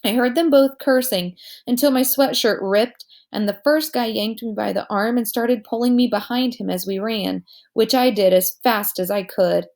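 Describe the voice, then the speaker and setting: A woman's voice: fairly high pitch, moderate pace, few pauses. Woman reading a children's novel aloud. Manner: lively storytelling, voices each character. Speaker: narrator.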